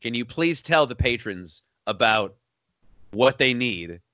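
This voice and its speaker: A man's voice: medium pitch, expressive, takes it slowly, sharp tone, no room sound. A man co-hosting a casual movie chat, enthusiastic and laughing often as he recounts favorite lines. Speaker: podcast co-host.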